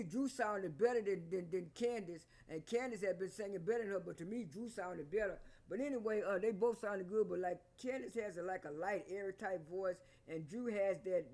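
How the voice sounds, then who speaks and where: A man's voice: high-pitched, a little mellow. A man recapping a reality show in a casual vlog, rambling and repeating himself as he gives his opinions. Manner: rambling, repeats words and restarts often; plain, opinionated storytelling.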